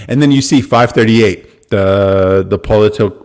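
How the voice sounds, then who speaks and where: A young American man hosting a live podcast, telling a story in a casual, animated way and swearing freely. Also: lowish voice, normal speed, hardly any pauses. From United States. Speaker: podcast host. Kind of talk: casual livestream talk.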